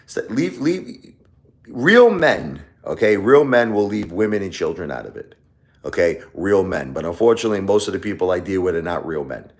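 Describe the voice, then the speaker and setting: A man's voice: low voice, lively intonation, fast, darkish tone. A man hosting a casual live stream, talking in a rambling, repetitive way and lashing out at his critics.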